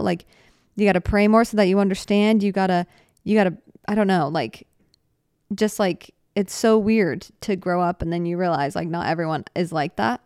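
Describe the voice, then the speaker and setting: A woman's voice: mid-range voice, normal speed, a little mellow, clean tone, no echo, clean studio sound. A woman in her twenties hosting a solo podcast, talking in an earnest, rambling, heartfelt way, cutting herself off and restarting, tearful at times. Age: 20s. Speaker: podcast host. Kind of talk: casual solo podcast talk.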